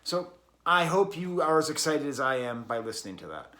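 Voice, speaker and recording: A man's voice: a little high, big pitch swings, moderate pace, bright, forceful tone. Man rambling through an album review. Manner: rambling, enthusiastic, many fillers. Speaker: music reviewer.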